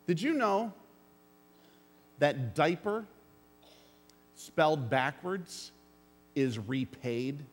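A man's voice: a little high, sing-song, drawn-out words, long pauses, soft background music. Man preaching in a reverberant hall. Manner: earnest preaching with dry jokes and calls to the congregation. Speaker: pastor. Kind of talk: sermon.

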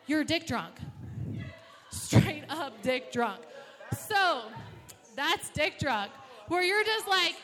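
A woman's voice: very high-pitched, sing-song, slow pace, bright, forceful tone. A woman telling a personal story to a live audience, swearing often and acting out her own reactions. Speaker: storyteller at an open mic. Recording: echoey hall.

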